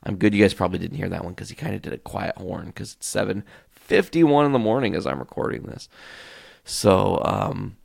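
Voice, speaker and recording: A man hosting a solo podcast, telling a long story in a profane, ranting, animated way. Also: fairly low pitch, brisk, gravelly, dry recording, studio quality. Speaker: podcast host.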